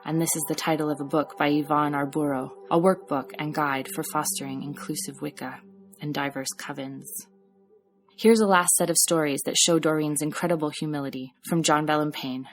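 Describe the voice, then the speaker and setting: A woman podcast host reading scripted storytelling narration in a measured, reflective way. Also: deep voice, steady tone, faint music behind.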